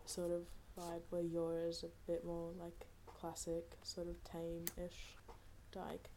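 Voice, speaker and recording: A woman's voice: on the low side, completely flat delivery, takes it slowly, a crowd in the background. A young woman in her twenties co-hosting a podcast, talking in a laid-back, casual way with lots of swearing and fillers. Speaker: podcast co-host. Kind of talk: casual chat.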